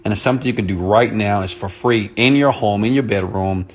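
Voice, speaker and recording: Soft-spoken man on a chatty live stream. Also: on the low side, fairly quick, a little hiss or hum. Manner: soft, intimate on purpose; chatty, greets commenters by name. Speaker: motivational speaker. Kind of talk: live-stream talk to viewers.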